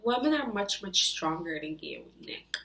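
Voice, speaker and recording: A woman's voice: mid-range voice, very animated, measured pace, a bit bright. A woman in her twenties hosting a reaction video, scolding and exasperated as she rants. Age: 20s. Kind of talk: ranting reaction commentary.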